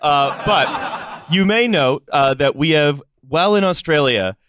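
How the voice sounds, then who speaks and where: A man hosting a live comedy podcast, his voice on the higher side and swinging widely in pitch as he rambles. He fills gaps with "uh" and "um" and keeps breaking into laughter. A faint hiss of noise sits under his voice. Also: expressive, unhurried, a bit bright. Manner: rambling, filler-heavy, laughing. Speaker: podcast host.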